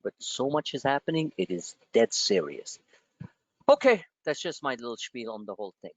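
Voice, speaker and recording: A man's voice: medium pitch, very animated, normal speed, no room sound. A man, a trading coach hosting a live member Q&A, who talks in a blunt and profane way straight at his listeners. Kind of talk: live online session, rambling rant. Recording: dull lo-fi, dry sound.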